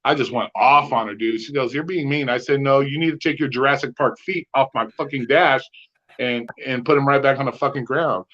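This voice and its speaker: A man co-hosting a podcast, telling rideshare stories in a profane, animated way and acting out the dialogue. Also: medium pitch, brisk. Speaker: podcast co-host, rideshare driver. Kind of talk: casual chat, storytelling. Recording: slightly dull lo-fi sound.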